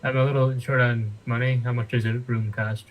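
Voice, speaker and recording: A man's voice: mid-range voice, flat delivery, a little fast, poor audio. Hesitant man playing a game. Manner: hesitant, many uhs and ums. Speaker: player. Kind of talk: casual chat.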